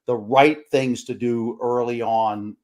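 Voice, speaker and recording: Halting man hosting a podcast. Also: medium pitch, fairly even intonation, a little mellow. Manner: halting, restarts his phrases. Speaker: podcast host. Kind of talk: interview questions.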